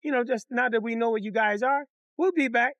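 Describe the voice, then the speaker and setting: A calm, watchful big sister, as a man voices her in a storytelling video. She placates in an even, easy way, and the voice is very high and completely dry, with no room sound. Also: brisk, dry recording. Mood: placating.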